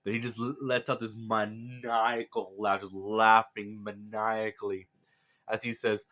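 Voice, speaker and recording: A man's voice: fairly low pitch, little pitch movement, a little slow, pushed and bright. A man casually recapping a manga chapter, enthusiastic and rambling with many fillers.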